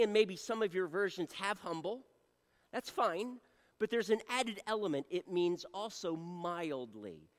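A man preaching a sermon in a church. His voice is high and swings widely, and his delivery is slow and deliberate. His words ring out with a long hall reverb. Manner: earnest preaching, swings from loud appeals to soft near-whispers. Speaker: pastor.

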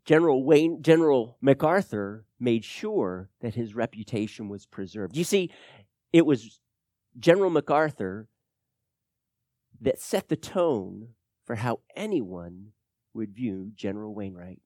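Male pastor preaching a sermon; lively, emphatic delivery, dry close-miked sound. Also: medium pitch, measured pace, no room sound. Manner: swings from hushed to loud, emphatic preaching.

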